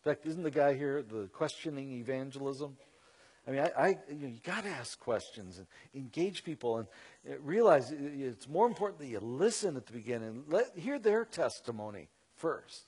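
A man telling a story to an audience in an animated, conversational way, with many fillers and asides. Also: medium pitch, fairly quick, slightly rough. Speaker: Christian speaker. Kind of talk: storytelling talk.

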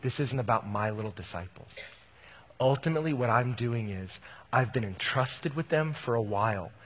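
Husky-voiced male preacher. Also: medium pitch, moderate pace. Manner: animated preacher, swings from loud bursts to hushed earnest lines. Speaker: pastor. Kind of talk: sermon.

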